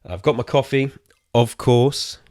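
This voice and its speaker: A British man in his thirties hosting a casual solo gaming podcast from a quiet room at home, rambling and slightly out of breath. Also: mid-range voice, a little slow, no room sound, studio quality. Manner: rambling, chatty, self-correcting asides. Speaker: podcast host.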